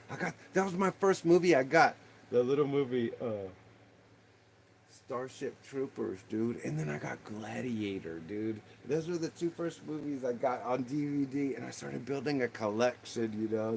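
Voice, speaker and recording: A man's voice: mid-range voice, normal speed, gravelly, a little hiss or hum. A man with a Texan accent hosting a livestream, rambling casually and calling his viewers dude and man. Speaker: livestream host.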